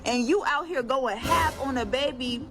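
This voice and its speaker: A woman's voice: high voice, moderate pace. A woman delivering an emphatic, scolding rant with a sassy edge. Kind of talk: ranting monologue. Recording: music playing behind the voice.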